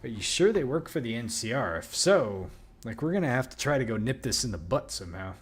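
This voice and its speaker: A man casually commenting on his own gameplay as a let's play host, rambling and swearing with excited outbursts. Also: medium pitch, a little fast, slightly rough.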